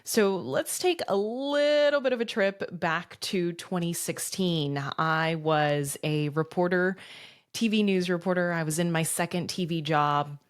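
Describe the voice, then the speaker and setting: A woman's voice: lowish voice, measured pace. A woman in her thirties hosting a podcast, telling her own story in an earnest, reflective way with rhetorical questions. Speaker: podcast host. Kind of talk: personal storytelling monologue.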